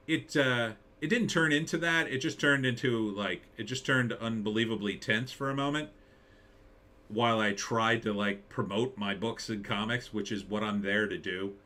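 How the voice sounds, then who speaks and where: A middle-aged man hosting a casual live stream, ranting and mimicking critics in squeaky voices. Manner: animated, mocking impressions in high voices. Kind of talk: casual political commentary.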